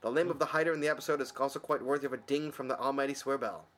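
A man's voice: mid-range voice, steady tone, rapid-fire, fairly bright tone. A man co-hosting a casual podcast, reading listener emails aloud and joking as he goes. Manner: jokey, laughs often, reads emails aloud. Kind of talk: casual chat.

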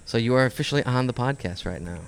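A man's voice: medium pitch, lively intonation, fast, gravelly. A man from the Chicago area hosting a podcast, teasing guests and laughing often. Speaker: podcast host. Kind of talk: casual chat.

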